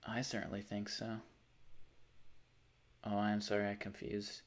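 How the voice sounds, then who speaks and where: A man's voice: lowish voice, monotone, unhurried. A young man chatting casually on a live stream, rambling, sarcastic and swearing freely. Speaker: livestreamer.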